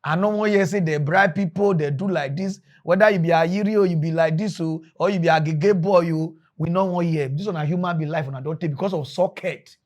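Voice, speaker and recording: A man with a Nigerian Pidgin accent, ranting in animated commentary as a mock news presenter. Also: a little high, fairly quick, few pauses.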